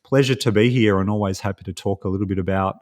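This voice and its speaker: A man's voice: fairly low pitch, steady tone, fast, darkish tone. A man with an Australian accent, a life coach talking as a podcast guest in a friendly, rambling way with many fillers. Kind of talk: casual interview talk.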